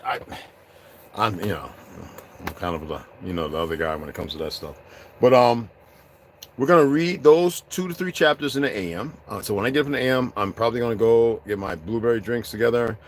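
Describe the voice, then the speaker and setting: A man's voice: quick pace, a little hiss or hum. A man hosting a casual, joking chat with his viewers, laughing often. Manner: loose, joking, laughs often, slips into high excited voices. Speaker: channel host.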